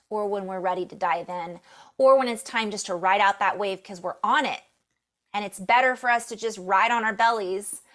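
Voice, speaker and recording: A middle-aged woman giving a spiritual reading, telling a story in a soft, emotional, meandering way. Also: medium pitch. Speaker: spiritual reader.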